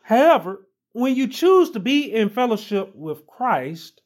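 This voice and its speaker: Guy giving a sermon real slow, keeps repeating lines for emphasis. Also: very high-pitched, sing-song. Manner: slow, emphatic, repeats phrases with rising stress. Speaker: preacher.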